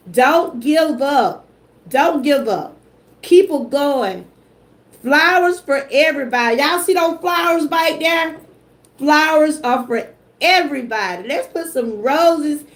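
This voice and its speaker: An older woman from Georgia in the US, speaking with a drawl, hosts a casual YouTube livestream where she greets viewers and thanks supporters. Her voice is high, and she talks slowly and with emotion.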